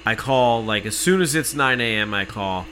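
A man telling an exasperated, profane story in casual podcast chat, cursing freely and working himself up to shouting. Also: medium pitch, expressive, normal speed, slight background noise, poor audio.

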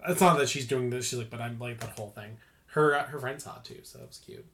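A man's voice: medium pitch, fast talker, fairly bright tone. A married man co-hosting a podcast, rambling enthusiastically and swearing about a show he loves. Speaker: podcast co-host. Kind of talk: casual podcast chat.

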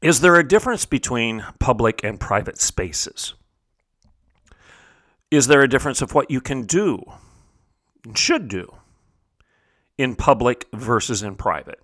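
A middle-aged man hosts a talk show in a bright, forceful voice. He builds his monologue with emphatic, preacherly rhetorical questions. The studio sound is close and dry. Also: medium pitch, very animated, unhurried, long pauses, no room sound. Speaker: radio talk show host.

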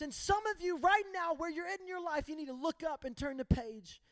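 A man's voice: extremely high pitch, fairly quick, few pauses, fairly bright tone, dry recording. A man preaching a sermon, emphatic and impassioned, telling personal stories.

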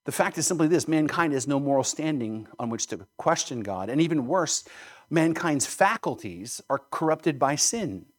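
A man's voice: fairly high pitch, animated, normal speed. A male pastor preaching an emphatic sermon, piling up rhetorical questions and checking in with the listeners by asking "right?".

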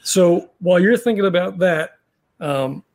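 A man's voice: high-pitched, lively intonation, measured pace, darkish tone. A man running a tabletop horror game as game master, rambling with many fillers and restarts.

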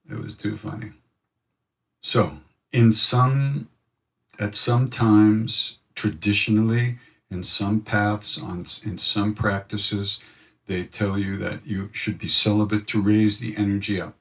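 A man telling a reflective personal story, animated and acting out other people's voices in his quotes. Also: on the low side, measured pace, far from the mic. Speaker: spiritual storyteller.

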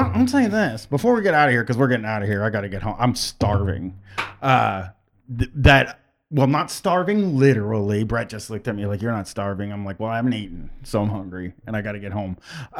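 A man hosting a podcast in casual chat, with a gravelly, fry-heavy voice. He rambles and circles back on himself. His pitch sits in the middle for a man. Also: fairly bright tone. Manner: rambling, halting, full of fillers and restarts. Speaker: podcast host.

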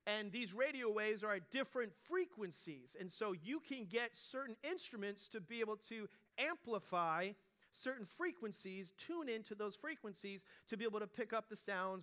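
A man's voice: high voice, lively intonation, a little fast, pushed and bright. A middle-aged man preaching a sermon as pastor, conversational and joking, with frequent restarts and repeated words.

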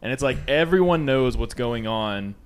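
A man's voice: mid-range voice, lively intonation, moderate pace, clear, resonant tone. A man hosting a casual podcast, talking in a loose, rambling way with many restarts. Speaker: podcast host.

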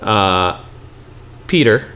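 A man's voice: fairly low pitch, animated, drawn-out words, pushed and bright, clean tone. Man rambling through an improvised story. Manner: rambling, playful, full of restarts and sound effects. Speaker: podcast host.

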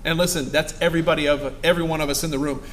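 A man's voice: on the high side, fairly even intonation, very fast, fairly bright tone, a little hiss or hum. A man preaching a fervent sermon as pastor to his congregation, rising to emphatic exclamations.

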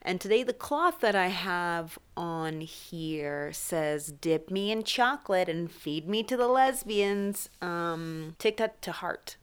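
A woman hosting her own podcast, talking casually from a small isolation booth in an animated, jokey way and swearing freely. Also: on the low side, clean tone. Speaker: podcast host. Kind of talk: casual solo podcast monologue.

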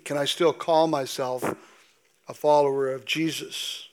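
Slow-preaching pastor, high voice. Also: male voice, fairly even intonation. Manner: slow, deliberate preaching with emphatic drawn-out scripture quotes. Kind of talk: sermon. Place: church sanctuary.

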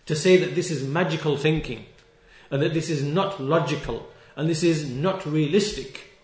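A man preaching a sermon, stressing key words and repeating them, reciting scripture verses quickly in between. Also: fairly high pitch, reverberant. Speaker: Islamic preacher.

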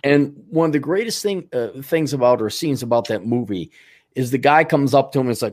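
A male podcast host chats casually about movies at a brisk pace, his voice medium in pitch. His speech is full of fillers and restarts.

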